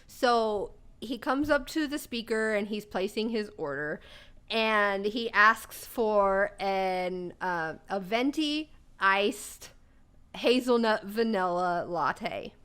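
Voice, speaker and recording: A young woman co-hosting a podcast, telling stories in casual chat, swearing freely and breaking into loud laughter between lines. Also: medium pitch, lively intonation, takes it slowly, smooth. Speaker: podcast co-host.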